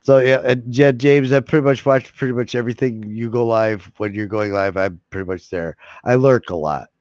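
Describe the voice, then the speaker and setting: A man's voice: mid-range voice, normal speed, a little mellow, dry recording. A man hosting a live-stream hangout, chatting casually and rambling, often laughing and swearing. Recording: dry, slightly dull lo-fi sound.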